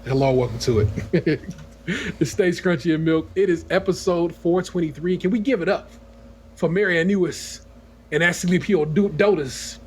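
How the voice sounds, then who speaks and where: A man hosting a casual remote podcast, talking loosely and joking with quick asides. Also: on the high side, darkish tone, slight background noise. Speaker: podcast host. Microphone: remote call.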